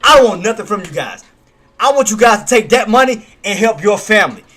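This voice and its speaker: A man hosting a live trading stream, hyped and slangy, shouting and laughing between chart calls. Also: high-pitched, lively intonation, a little fast, breathy edge.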